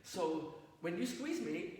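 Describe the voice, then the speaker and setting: Taking his time, a rabbi lectures in a lecture hall with a high, very animated, slightly mellow voice, sharing stories and asking the audience questions. The recording is distant and roomy, with faint noise.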